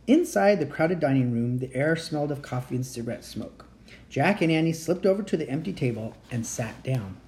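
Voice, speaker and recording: A home reader reading a children's book aloud, expressive, with occasional slips. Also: medium pitch, brisk, slight background noise. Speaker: story reader.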